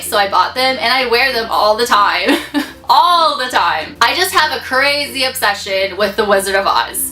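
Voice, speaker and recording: Young woman, vlogger, bubbly, gushing, bright tone, echoey room. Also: a little high. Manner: bubbly, gushing, laughs often. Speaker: YouTuber answering fan questions. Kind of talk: casual Q&A vlog.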